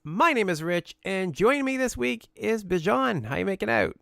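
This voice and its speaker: A man's voice: high voice, lively intonation, moderate pace, vocal fry, fairly bright tone, no echo, studio quality. A man hosting a casual podcast chat in an upbeat, friendly way. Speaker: podcast host.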